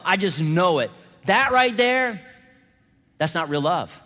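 A male pastor delivering a dynamic sermon, moving between hushed, quiet passages and loud, emphatic exclamations. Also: high voice, lively intonation, a little slow. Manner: dynamic preaching, swings from hushed to shouting. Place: church sanctuary. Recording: hall reverb.

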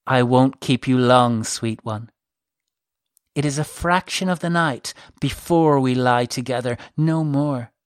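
A soothing seductress from an audiobook murmurs low and teasing to her lover, as a narrator puts her on. She drops to a hushed purr on the endearments, and her lines take their time. The recording is close and dry. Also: a little slow, clean tone, no room sound, natural voice. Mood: coaxing. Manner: soft, low and coaxing. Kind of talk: audiobook character voice.

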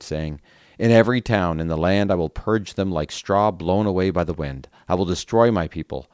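A man's voice: low-pitched, a little mellow, dry recording, studio quality. A man reading scripture aloud for a Bible podcast, in an earnest reading voice with occasional casual asides. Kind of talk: Bible reading with brief commentary.

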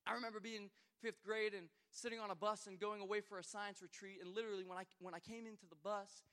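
A man in his thirties preaching a sermon, with many repeated starts, swinging between loud exhortation and quiet storytelling. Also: high-pitched, level tone, fast, clean tone. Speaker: pastor.

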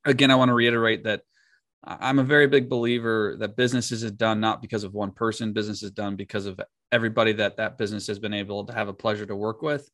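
A man's voice: on the low side, flat delivery, fast talker, a bit bright, no room sound, studio quality. A man co-hosting a podcast, telling casual stories and often laughing as he talks. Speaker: podcast co-host. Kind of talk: casual chat.

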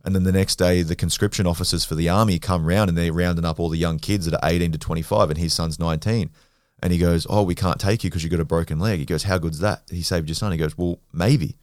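An Australian man, a podcast guest, telling stories in a blunt, animated way and swearing freely. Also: sits low, quick pace, dry recording, studio quality. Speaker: podcast guest, grappler and former rugby league player. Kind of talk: casual storytelling.

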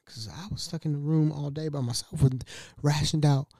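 A man's voice: fairly high pitch, steady tone, moderate pace, warm tone, dry recording. A man hosting a podcast, telling a story casually, laughing often and acting out other people's voices. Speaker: podcast host.

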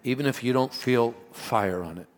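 A man preaching a sermon as pastor, earnest and animated, mixing stories and asides with scripture. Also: medium pitch, moderate pace, soft background music. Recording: long hall reverb.

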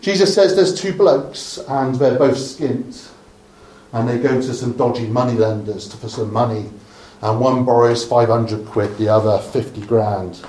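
A man from Dorset preaches a sermon, telling the story in a chatty, joking way. His voice sits at a middle pitch. The recording is roomy and echoey, with faint background noise. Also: fairly even intonation, a little slow. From Dorset, England. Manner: conversational storytelling, humorous asides, softening to a hush at the close. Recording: echoey room.

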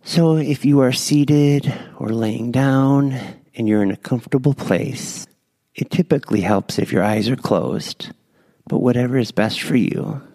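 A man guiding listeners through a slow, gentle breath prayer. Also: medium pitch, no echo. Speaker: prayer leader.

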